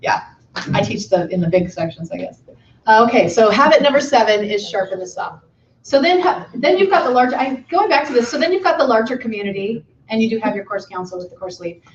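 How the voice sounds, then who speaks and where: Lady presenting at a conference, chatty with lots of ums, a bit high, heard far off in a roomy hall. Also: animated, brisk, slight background noise. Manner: chatty, informal, with many fillers. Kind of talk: conference talk. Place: conference session room. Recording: dull echoey room from afar.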